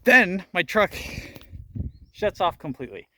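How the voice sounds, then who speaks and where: A young man with a high, sharply toned voice tells a story at an unhurried pace, his pitch swinging widely. He's a vlogger hiking a rocky outdoor trail, often laughing and out of breath in this casual storytelling vlog.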